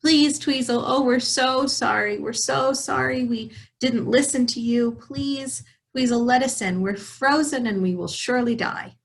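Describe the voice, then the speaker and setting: A woman putting on a high begging chorus of field mice. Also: very animated, slow pace, few pauses. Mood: pleading.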